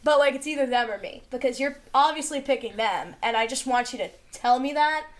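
A woman's voice: sits high, fairly quick. A young adult woman, a podcast guest, telling a story in casual chat and acting out quotes with bursts of laughter.

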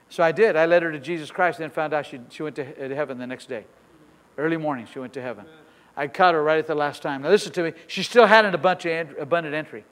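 Middle-aged pastor guy preaching, fairly high voice, soft then loud, church echo. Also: quick pace. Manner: emphatic preaching that swings between soft asides and loud declarations. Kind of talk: sermon with personal stories.

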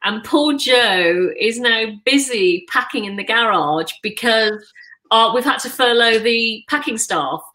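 A middle-aged woman, a mother of three, telling a story as a guest in a casual chat with quick enthusiasm. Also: fairly high pitch, expressive, bright, forceful tone, low-quality recording.

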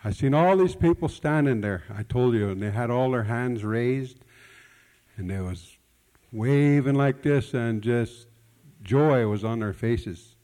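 Folksy pastor with hall reverb. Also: male voice, medium pitch, measured pace, mellow. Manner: folksy, conversational telling with repeated words and nonstandard grammar. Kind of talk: sermon storytelling. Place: church hall.

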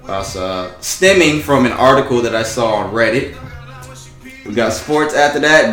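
A man's voice: mid-range voice, animated, normal speed, a bit bright. Man, twenties, podcast host, casual profane banter, roomy echo, faint music behind. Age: 20s. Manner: loose, profane, joking banter.

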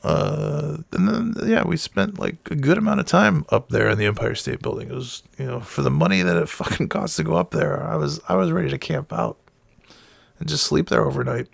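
Hoarse rambling man, voice fading. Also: on the high side, animated, brisk, no room sound. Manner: rambling, profane, laughs mid-sentence. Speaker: vlogger. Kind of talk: casual chat.

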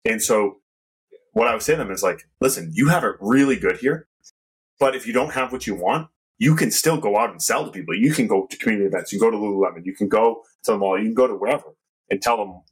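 A man's voice: lowish voice, breathy edge, rough recording. A man hosting a podcast, a casual chatty talker who leans on "like" a lot. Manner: quick, chatty, lots of "like".

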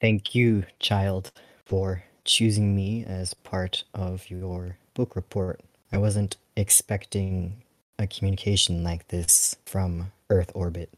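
A man plays a deep-voiced uplifted dolphin pilot, formal and gentle, who addresses a young listener as "child" in a measured, patient way. The voice is very low and dry, with no room sound. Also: flat delivery, dry recording. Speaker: player. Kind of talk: tabletop role-play, in character.

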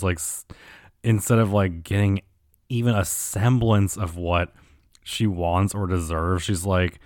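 Young male host; deep register, loose profane comic rambling, dry mic. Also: a little mellow, no room sound. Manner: rambling, crude, lots of filler. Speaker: commentary podcast host. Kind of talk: casual comedic rant.

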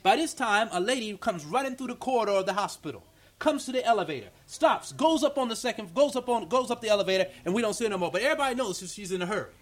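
A male pastor preaching an animated, story-driven sermon at a church meeting, acting out dialogue and repeating words for emphasis. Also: high voice, quick pace.

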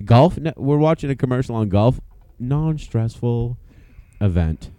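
A man's voice: medium pitch, expressive, measured pace, mellow, no echo. A man co-hosting a casual watch-along of a football game, swearing freely and laughing at his own jokes. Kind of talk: casual profane banter.

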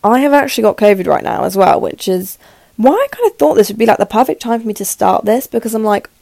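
An eighteen-year-old woman with a sore throat, rambling nervously and quickly in a casual solo podcast chat, with lots of fillers. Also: medium pitch, animated, creaky, warm tone, dry recording. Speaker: podcast host. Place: her room in the evening.

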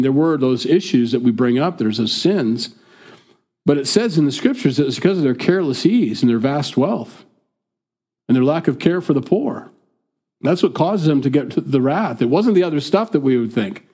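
Conversational American pastor preaching. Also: male voice, on the high side, darkish tone, slightly rough. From United States. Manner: conversational, acts out quoted speakers. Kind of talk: sermon.

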